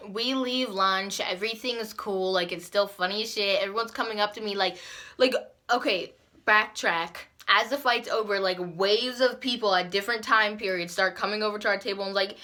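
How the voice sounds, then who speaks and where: A teenage girl telling a story in a casual vlog. She swears often and acts out quotes loudly and excitedly. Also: normal speed. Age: teens. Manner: animated and profane, acting out quotes with big jumps in pitch and loudness. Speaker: vlogger.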